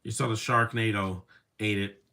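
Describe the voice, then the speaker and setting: A man's voice: on the low side, steady tone, normal speed, pushed and bright. A man giving casual live commentary over a movie, rambling from one opinionated aside to the next.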